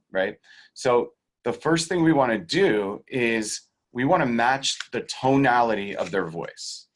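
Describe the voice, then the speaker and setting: A man being interviewed as a sales coach, teaching in a casual, animated way and acting out the voices of the people in his stories. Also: on the low side. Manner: animated storyteller who acts out quoted voices; swears casually and laughs between points. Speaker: guest real estate sales coach.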